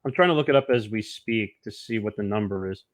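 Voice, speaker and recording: A man's voice: lowish voice, fast talker, no echo. A man hosting a casual show chat, steering topics with joking asides. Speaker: host.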